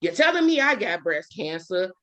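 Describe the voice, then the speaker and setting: A middle-aged woman, a podcast guest, telling her personal story in a lively, earnest, conversational way. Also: on the low side, moderate pace, over a noisy crowd. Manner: lively, acts out quoted dialogue; earnest, testimonial. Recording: dull lo-fi podcast audio.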